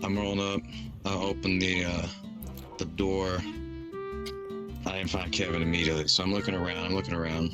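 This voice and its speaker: A man's voice: deep voice, flat delivery, fairly quick, pauses often. A young man casually telling a rambling, slangy story in a voice chat, laughing at his own jokes. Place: online voice chat at home. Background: music playing.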